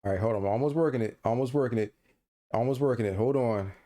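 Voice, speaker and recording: A man's voice: mid-range voice, fast talker, dark tone. A man co-hosting a casual podcast, teasing his friend with mock outrage and playful banter over a call. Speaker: podcast co-host.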